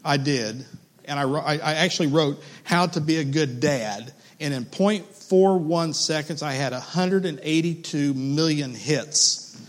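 Earnest man preaching a sermon. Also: on the high side. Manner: earnest, reads a long list slowly and warmly. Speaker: pastor. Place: church.

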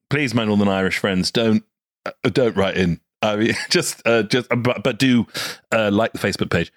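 A man's voice: mid-range voice, fairly bright tone, dry recording, studio quality. A man who hosts the show, learning an accent in casual, self-mocking chat and laughing often. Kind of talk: casual, joking lesson chat.

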